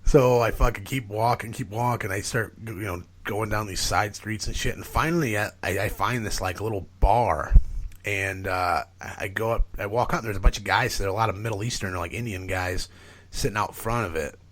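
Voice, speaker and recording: With a lowish voice and fairly quick delivery, a male podcast guest rambles at length through a story in easygoing conversation. He swears a lot, relies on "like" and "you know," and recounts it animatedly.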